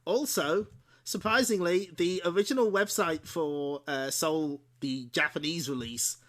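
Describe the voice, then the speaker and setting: A man's voice: on the high side, a little slow, fairly bright tone. A man hosting a game stream, chatting casually and laughing often as he shows off old game discs. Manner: chatty, giggly, self-correcting. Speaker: streamer host.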